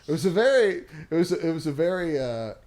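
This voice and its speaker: A man's voice: fairly high pitch, big pitch swings, fairly quick, darkish tone. A man who is a comedian guest on a podcast, telling a story in a rambling way and laughing between sentences. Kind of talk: casual podcast chat.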